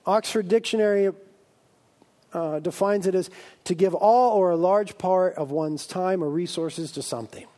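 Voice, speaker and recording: A man preaching a sermon as a pastor, lively and humorous, acting out exaggerated voices of his listeners. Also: high-pitched. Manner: animated, acts out comic voices of his congregation.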